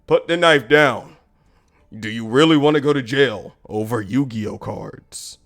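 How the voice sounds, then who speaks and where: A man voicing a calm restaurant manager who talks softly and apologizes to customers. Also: unhurried. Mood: soothing. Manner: low, soothing, apologetic.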